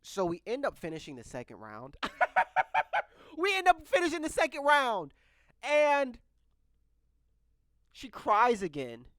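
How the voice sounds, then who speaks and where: A man's voice: extremely high pitch, wildly swooping pitch, unhurried, long pauses, a bit bright, no room sound. Candid young man telling a rambling story. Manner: candid, rambling, with frequent restarts. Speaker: vlogger. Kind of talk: casual storytelling. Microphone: microphone close by.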